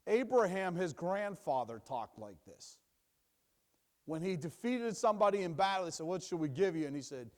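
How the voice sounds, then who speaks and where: A young adult man teaching from the Bible in a sermon, emphatic and repetitive, dropping low and quiet for asides. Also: big pitch swings, normal speed. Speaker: preacher.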